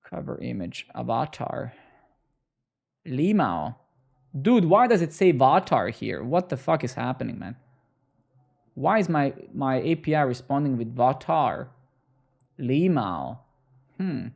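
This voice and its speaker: A young man with a gravelly, creaky voice talks slowly and unhurriedly. He streams himself coding and throws sarcastic, profane jabs at his chat between lines of work. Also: mid-range voice, big pitch swings, a little mellow. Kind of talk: casual live-stream banter while coding.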